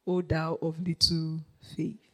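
Preacher, sermon, bright sharp tone, hushed-to-shouting delivery, laughs a lot, keeps asking the congregation questions. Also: mid-range voice, slow, rough recording. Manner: animated, swings from hushed to shouting, laughs often; keeps checking in with the audience.

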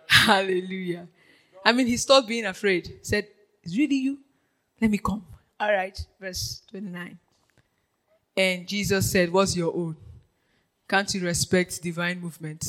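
A preacher giving a lively sermon, dropping to a hush and then rising to shouts, laughing often and checking in with the congregation. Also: medium pitch, measured pace, long pauses, rough recording. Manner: animated, swings from hushed to shouting, laughs often; keeps checking in with the audience.

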